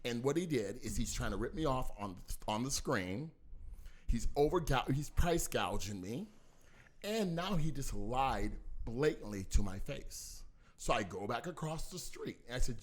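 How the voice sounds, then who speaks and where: A man telling a personal story in casual talk, talking forcefully and acting out both sides of an argument. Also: medium pitch, a little slow. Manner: animated, acts out both sides of a dispute; talks forcefully.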